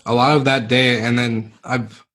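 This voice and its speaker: A man's voice: mid-range voice, level tone, normal speed, a bit bright. A young man telling his life story as a podcast guest, laid-back and rambling, with lots of fillers. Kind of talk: candid storytelling interview.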